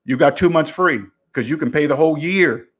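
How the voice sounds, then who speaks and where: A man with a slightly higher voice than most men hosts a casual livestream Q&A on money. He talks straight to his viewers, punches his points with short catchphrases, and repeats them for emphasis. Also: fairly quick, slightly rough. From United States. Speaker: personal finance livestream host. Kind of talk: casual livestream Q&A, reading chat questions.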